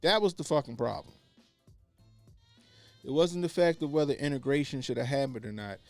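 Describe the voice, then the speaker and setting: A man's voice: medium pitch, moderate pace, faint music behind. A man talking in casual opinionated commentary, blunt and profane, repeating his points for emphasis. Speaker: podcast co-host.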